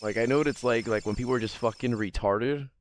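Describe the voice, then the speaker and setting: A man's voice: mid-range voice, fast, slight background noise. A man streaming live, chatting casually in a rambling, profane way and laughing often as he answers chat. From Guam.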